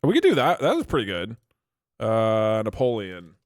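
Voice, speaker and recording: A man's voice: on the low side, huge pitch swings, normal speed, dry recording, clean studio sound. A man streaming live, chatting casually and thinking aloud with frequent restarts.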